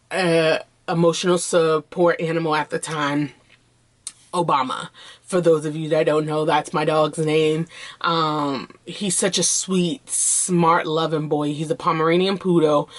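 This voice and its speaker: A woman vlogging in a candid, conversational way, earnest and open as she speaks directly to her viewers. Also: deep voice. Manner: loose and conversational, with fillers and restarts. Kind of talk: candid personal vlog talk.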